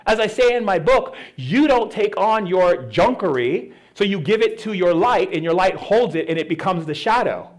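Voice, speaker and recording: A man's voice: sits high, expressive, moderate pace, few pauses. A man giving a spiritual talk at an expo, playful and laughing as he acts out little voices. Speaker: spiritual speaker. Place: expo lecture hall.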